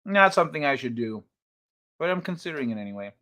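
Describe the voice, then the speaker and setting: A man's voice: on the high side, sing-song, quick pace, sharp tone, a little hiss or hum. A man hosting a casual live stream, chatting loosely with his viewers, swearing and laughing often as he reacts to the chat. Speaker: livestream host.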